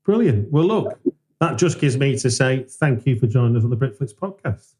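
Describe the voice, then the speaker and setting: A man's voice: mid-range voice, animated, moderate pace, warm tone. A man hosting a podcast, asking hesitant questions and reading a sign-off. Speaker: podcast host. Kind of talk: interview and podcast outro.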